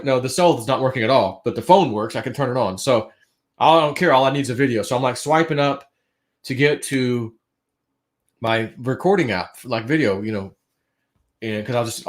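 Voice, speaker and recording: A man on a livestream telling a long dream story in a casual, rambling way, full of fillers and restarts. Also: medium pitch. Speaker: guest.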